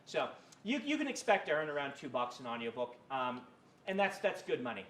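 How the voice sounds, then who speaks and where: A man's voice: mid-range voice, big pitch swings, fairly quick, fairly bright tone. Rambling man giving a casual lecture. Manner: rambling, many fillers and self-corrections. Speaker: university creative writing lecturer. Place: university lecture room.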